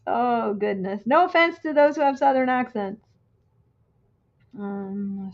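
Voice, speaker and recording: A woman chatting casually as she crafts on a stream, thinking out loud and reading quotes slowly. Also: on the high side, expressive, lo-fi sound. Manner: thinks aloud, muttering to herself; reads quotes slowly and deliberately. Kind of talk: casual craft-along chat.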